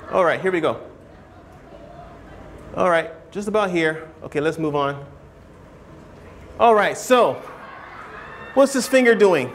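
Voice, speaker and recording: High-voiced male writing teacher. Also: slow pace, vocal fry, long pauses, a little hiss or hum. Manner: animated, keeps checking understanding with questions; acts out hedging speakers in a higher voice. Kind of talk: classroom lecture.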